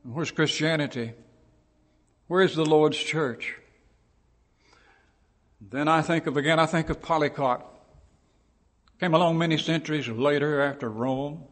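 A man preaches in a church with a fairly high voice, telling vivid stories and building to shouted lines. The sound carries a long hall reverb around him. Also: a little slow, pauses often. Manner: dramatic storytelling, rising to shouted quotes. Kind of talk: sermon.

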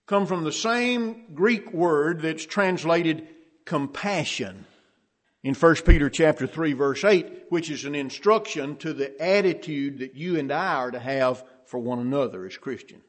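Slow, measured, fairly high-voiced male preacher. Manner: slow, measured delivery with rising emphasis on key phrases. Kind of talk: sermon.

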